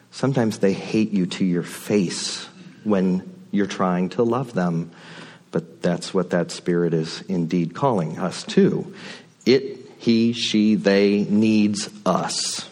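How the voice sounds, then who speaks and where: A man's voice: low-pitched, slow pace, a little mellow. A man giving a sermon from a church pulpit, conversational and reflective, with folksy asides. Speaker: guest speaker at the pulpit. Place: church sanctuary.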